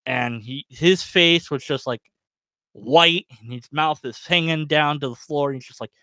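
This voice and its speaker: A man's voice: on the high side, unhurried, pushed and bright, no room sound. A man telling a long, rambling story on his livestream, chuckling as he goes, full of fillers. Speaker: livestream host. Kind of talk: casual storytelling.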